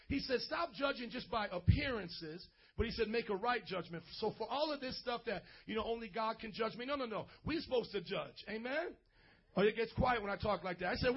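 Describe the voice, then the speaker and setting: A man preaching a lively sermon as a pastor, playful, calling for responses and acting out little scenes. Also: very high voice, husky. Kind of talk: energetic sermon to youth. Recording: dull lo-fi recording.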